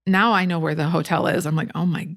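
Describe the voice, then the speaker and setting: Woman in her forties, from Michigan, casual candid storyteller, lowish voice, self-mocking. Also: fairly even intonation, quick pace, a bit bright. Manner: candid, swears, laughs at herself. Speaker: podcast guest.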